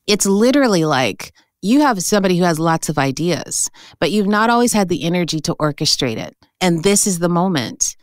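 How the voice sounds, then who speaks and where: A woman hosting a casual astrology chat, reading a guest's chart in a chatty, animated way and often checking in with "okay?" and "right?". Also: lowish voice, fairly quick, hardly any pauses, no echo, studio quality. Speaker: astrologer host.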